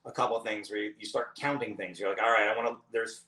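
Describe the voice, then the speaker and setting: Rambling, bright-voiced comedian. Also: male voice, on the low side, steady tone, quick pace. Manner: rambling, self-interrupting storyteller, swears freely. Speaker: comedian guest. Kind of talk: casual podcast chat.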